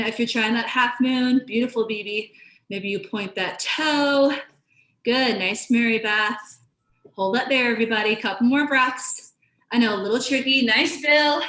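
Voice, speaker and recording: A woman's voice: sits high, sharp tone. A woman teaching a live yoga class, giving encouraging cues and calling out students by name. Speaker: yoga instructor. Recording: very echoey room, voice far from mic, faint background noise.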